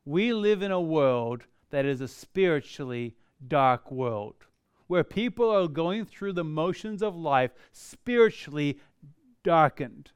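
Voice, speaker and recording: A man preaching a sermon in a high, smooth, resonant voice, recorded close and dry with no room sound. He swells into emphatic, pleading outbursts and stretches his key phrases out slowly. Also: animated, no room sound. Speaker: pastor.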